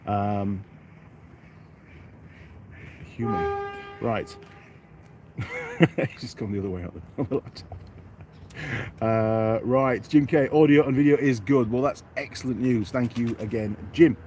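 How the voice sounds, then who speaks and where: A man's voice: mid-range voice, unhurried, pauses often, background noise. A middle-aged man from York, England, hosting a casual outdoor live stream, chatting and reading out viewer comments by name in a self-deprecating way.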